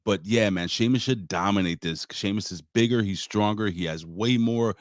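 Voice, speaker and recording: A man's voice: on the low side, normal speed, dry recording, clean studio sound. A man co-hosting a wrestling review, talking enthusiastically, swearing freely and groping for words. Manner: enthusiastic, profane, gropes for words. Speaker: co-host. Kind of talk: casual wrestling review chat.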